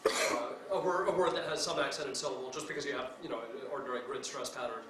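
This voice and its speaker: A man's voice: mid-range voice, quick pace, roomy sound, far from the mic, heavy background noise. A man in the audience asking a lecturer a detailed question, carefully qualifying his points with fillers.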